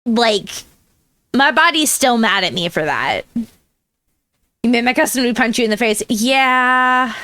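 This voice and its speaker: Bright, lively American woman streamer. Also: on the high side, unhurried, long pauses, dry recording. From United States. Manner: rambling, chatty, laughs often, answers chat. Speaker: VTuber streamer. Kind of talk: casual livestream chat.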